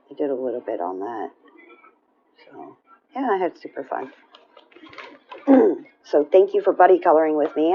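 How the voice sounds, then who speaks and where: A woman with a low voice chats casually to her viewers about her coloring pages. She rambles with plenty of fillers and keeps clearing her throat. The home recording sounds dull and lo-fi. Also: a little hiss or hum. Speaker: coloring vlogger. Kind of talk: casual show-and-tell chat.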